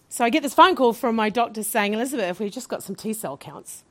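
Animated middle-aged woman telling her story. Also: fast talker, hardly any pauses. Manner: animated, acts out each voice in her story with big swings in pitch and loudness; laughs often while telling. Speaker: guest sharing a testimony. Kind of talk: personal faith testimony storytelling.

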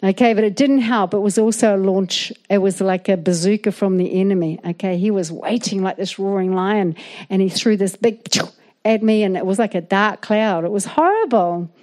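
Lady preaching to a church, soft warm voice, keeps asking amen. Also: medium pitch, moderate pace. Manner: animated, calls out "amen?" to the congregation. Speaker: guest preacher. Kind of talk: sermon.

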